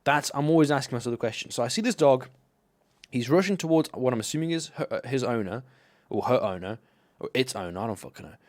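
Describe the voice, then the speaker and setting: A man's voice: mid-range voice, fast. Rambling, foul-mouthed young man streamer. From Slovenia. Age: young adult. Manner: rambling, profane, animated anecdotes. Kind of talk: casual live-stream storytelling.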